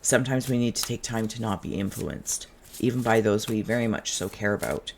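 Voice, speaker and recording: A tarot reader hosting a relaxed, channeled reading, who talks in a musing, chatty way and drifts into humming and asides. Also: mid-range voice, fairly quick, slight background noise.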